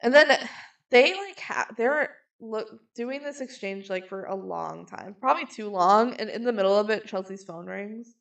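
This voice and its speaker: A woman co-hosting a podcast, chatting casually as she recaps a movie and drops into quick acted quotes of its characters. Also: mid-range voice, lively intonation, creaky. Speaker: podcast co-host.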